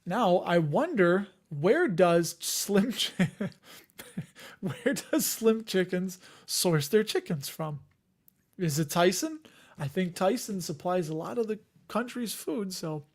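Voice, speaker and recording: High-voiced chatty man in his forties. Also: animated, slow. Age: 40s. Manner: chuckles often, trails off and restarts. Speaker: livestream host reading viewer comments. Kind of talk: casual rambling livestream chat.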